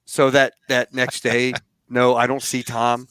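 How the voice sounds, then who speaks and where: A man in his fifties, a podcast host, telling a story in an animated, laughing way. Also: medium pitch, measured pace, smooth, dry recording. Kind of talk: storytelling in casual chat.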